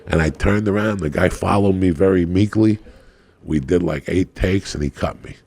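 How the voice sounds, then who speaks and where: Gravelly deep-voiced man telling stories. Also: moderate pace, slight background noise. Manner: profane, animated storytelling with shouted quotes. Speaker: podcast guest, comedian. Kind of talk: casual storytelling.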